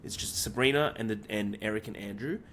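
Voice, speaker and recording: Podcast co-host, male, lowish voice, rambling casual recap, fillers and swearing. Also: a little fast, a bit bright, a little hiss or hum. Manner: rambling plot retelling with many fillers. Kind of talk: casual film discussion.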